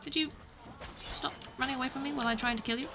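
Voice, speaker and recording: A woman's voice: high voice, steady tone, fast, noisy background. A woman streamer giving playful, chatty commentary while playing a game, often breaking into exclamations. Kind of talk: casual gameplay commentary.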